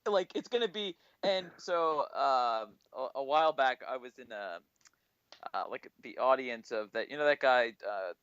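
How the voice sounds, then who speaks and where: A man's voice: mid-range voice, normal speed, smooth, lo-fi sound. A man co-hosting a comedy podcast, teasing his friends and telling stories with lots of restarts. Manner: animated storyteller, teasing, stumbling restarts. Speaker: podcast co-host. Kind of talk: casual comedic chat.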